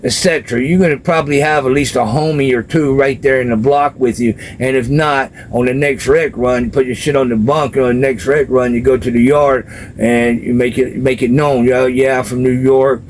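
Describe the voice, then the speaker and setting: A man's voice: medium pitch, steady tone, brisk, a little hiss or hum, low-quality recording. Man explaining in a loose slangy way. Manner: street slang, loose, repeats "you know". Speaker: vlogger describing prison life from experience. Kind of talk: casual storytelling monologue.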